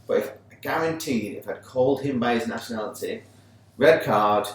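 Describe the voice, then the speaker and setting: A man's voice: medium pitch, moderate pace, very echoey, recorded from a distance, low-quality recording. An English man co-hosting a sports podcast, chatting casually and acting out both sides of an argument as he tells a story. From England. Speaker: podcast co-host. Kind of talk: casual chat.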